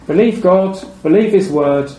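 Key phrases are repeated and allowed to sink low and soft as this preacher delivers his measured sermon. His voice is high, warm, and mellow, and the room is echoey with faint ambient noise.

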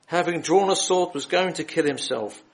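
Male lay preacher in a hall, fairly high and a bit gravelly, earnest scripture reading and appeals. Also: moderate pace. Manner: earnest, reads scripture then appeals to listeners directly. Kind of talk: gospel preaching.

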